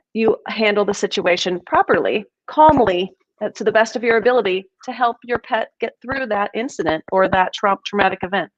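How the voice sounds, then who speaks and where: A woman's voice: mid-range voice, dry recording. A woman co-hosting a video podcast, chatty and questioning, on a video call. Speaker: co-host. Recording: dry, dull lo-fi audio.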